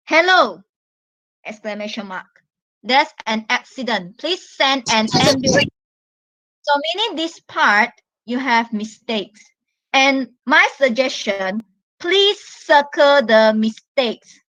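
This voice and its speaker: Slow, patient woman teaching English. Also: on the high side, fairly bright tone, no echo, rough recording. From Malaysia. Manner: slow, patient, explains step by step. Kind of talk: online English lesson.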